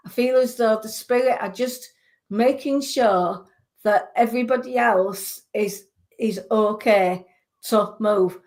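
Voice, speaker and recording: A woman with a fairly high voice gives psychic readings over the radio. She is earnest and reassuring, and she searches for her words as she goes. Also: slow, a little mellow. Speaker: clairvoyant.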